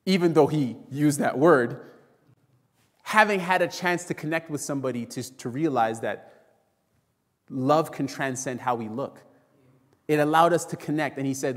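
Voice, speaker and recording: A man's voice: a little high, moderate pace, pauses often, a bit bright. A man preaching a sermon to a congregation, telling a story and acting out the voices of the people in it. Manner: storytelling, acts out quoted voices, addresses congregation as friends. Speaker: pastor. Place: church sanctuary. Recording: long reverb in a church hall.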